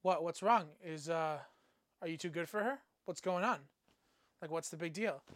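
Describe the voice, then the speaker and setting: A man's voice: fairly high pitch, moderate pace, no echo, natural voice. A man voicing an irritated male street pimp who talks in an insistent, exasperated way. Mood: pushy.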